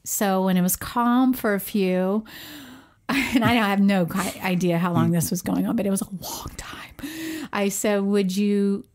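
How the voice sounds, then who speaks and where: An expressive woman telling a story in casual podcast chat, with a lively, laughing delivery. She acts out the quotes in her story. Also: medium pitch, a little slow. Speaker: podcast co-host, parent.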